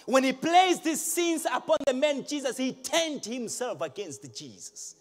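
Male pastor, live sermon, big swooping delivery that climbs to shouts. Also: very high-pitched, animated, a little slow, faint music behind. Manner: emphatic, rising to shouts, asks the crowd questions. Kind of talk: live preaching. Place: large church hall.

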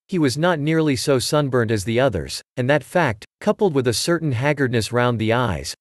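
A man narrating a story in a measured, scripted audiobook reading. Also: mid-range voice, no echo, studio quality.

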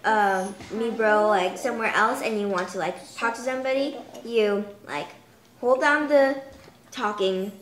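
A woman's voice: medium pitch, a little slow, echoey room, a little hiss or hum. A young woman showing off a toy in a chatty home video, stringing thoughts together with many fillers. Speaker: toy demonstrator. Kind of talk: casual product demo.

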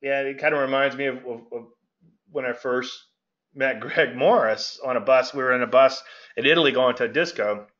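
A man's voice: mid-range voice, moderate pace, a bit bright. A middle-aged man hosting a casual trading commentary, gregarious and rambling, often breaking off mid-sentence. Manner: gregarious, rambling, self-interrupting. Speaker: market analyst and show host. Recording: dull lo-fi audio.

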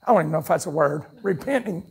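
Fiery Southern preacher, high gravelly shouts. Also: male voice, lively intonation. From North Carolina, USA. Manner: fiery shouting preacher with a folksy drawl, quick asides and chuckles. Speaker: pastor. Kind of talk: revival sermon. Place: church sanctuary at a campmeeting. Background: congregation calling out responses.

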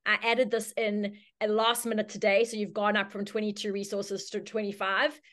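A woman teaching a branding workshop, telling a story with lively, chatty delivery and acted-out voices. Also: moderate pace. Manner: storytelling, acts out quoted voices with sudden high squeals. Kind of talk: live online workshop talk.

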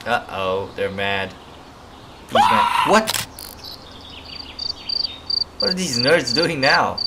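A man's voice: medium pitch, sing-song, slow, heavy background noise. A man casually commenting while he plays a game, playful and chatty, often exclaiming. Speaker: gamer. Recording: loud music behind.

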